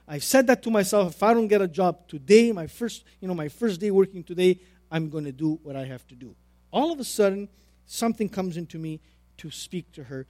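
A middle-aged man preaching a sermon, telling a personal story with repeated phrases and big swings between loud and quiet. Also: sits high, expressive, fairly quick, no echo.

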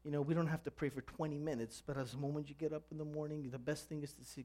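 Man, pastor, high voice, earnest sermon, animated storytelling, church. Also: rapid-fire, few pauses. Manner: earnest, asks the congregation "Amen?".

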